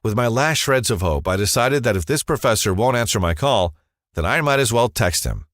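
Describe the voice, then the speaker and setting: A man's voice: medium pitch, animated, fairly quick, fairly bright tone, no echo, clean studio sound. A man narrating a scripted first-person advertisement story in a dramatic, confessional storytelling manner.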